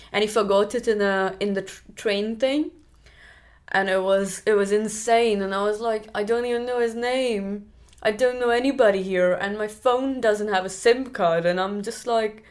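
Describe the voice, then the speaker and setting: Chatty young Indian woman. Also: medium pitch. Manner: chatty, many restarts and "like" fillers. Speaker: podcast guest. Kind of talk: casual storytelling in an interview.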